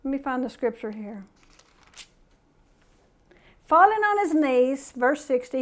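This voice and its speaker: A woman's voice: high voice, expressive, unhurried, pauses often. A middle-aged woman preaching a conversational sermon, reading scripture aloud and asking the listeners questions.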